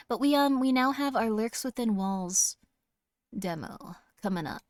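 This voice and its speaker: A young woman streamer chats in a bubbly, rambling way, often breaking into giggles. Her voice sits higher than most, and the sound is dry and close with no room around it. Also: animated, a little slow, clean tone, no room sound. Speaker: horror game streamer. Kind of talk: casual live-stream chat.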